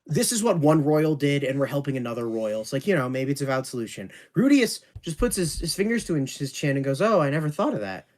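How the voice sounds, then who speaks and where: A man's voice: on the high side, very animated, quick pace, hardly any pauses, darkish tone. A man co-hosting a casual podcast, ranting sarcastically and swearing in exasperation. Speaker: podcast co-host.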